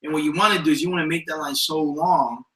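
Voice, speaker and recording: Fast-talking bright man co-host. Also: a little high, steady tone. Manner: eager, quick agreement, casual slang. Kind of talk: casual couple chat. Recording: echoey room.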